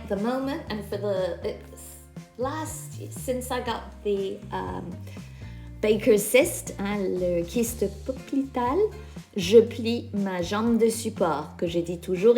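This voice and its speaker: A woman in her fifties from Quebec with a Quebec French accent leads a workout in a chatty, mixed French-and-English way, laughing often. Her voice sits at a middling pitch and echoes around the room, with soft music playing underneath. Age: 50s. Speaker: fitness instructor. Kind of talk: casual workout instruction. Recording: echoey space with background music.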